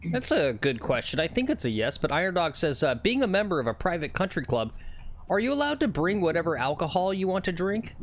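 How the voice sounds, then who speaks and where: A man's voice: a little high, very animated, fairly quick, a little hiss or hum. A man hosting a casual golf livestream, reading viewer comments aloud and joking, laughing often. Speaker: livestream host running the chat and camera. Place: outdoors on a golf course.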